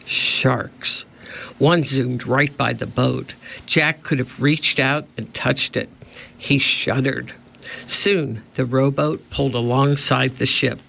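Male audiobook narrator, slow and gravelly, lo-fi recording. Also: medium pitch, steady tone, bright, forceful tone. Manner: slow, measured reading. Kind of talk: scripted storybook narration. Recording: dull lo-fi recording.

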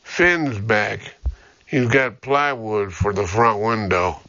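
A man reading an audiobook, voicing a steady middle-aged police captain who speaks in a measured, restrained way. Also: fairly low pitch, no echo, lo-fi sound, heavily acted.

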